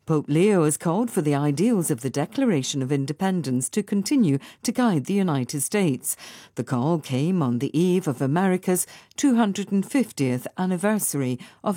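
A woman reading a news bulletin in a crisp, formal headline style. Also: deep voice, dark tone, dry recording, clean studio sound. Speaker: newsreader.

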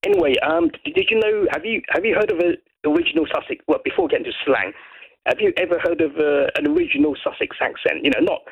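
Rambling raspy male caller on a phone line. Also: high-pitched, quick pace. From Brighton, England. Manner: rambling, lots of restarts, lively. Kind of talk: casual phone-in chat. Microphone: telephone.

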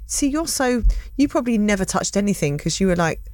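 A woman's voice: mid-range voice, expressive, fairly quick, darkish tone, no echo, clean studio sound. A woman in casual chat, telling stories between laughs. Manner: chatty, storytelling with laughs.

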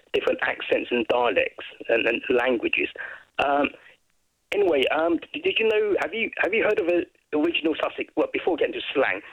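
A man's husky, gravelly voice reaches us down a dull, dry phone line. His pitch rises and falls as he rambles from one memory to the next, chatty and unhurried. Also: no echo. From Brighton, England. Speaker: guest. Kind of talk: casual chat.

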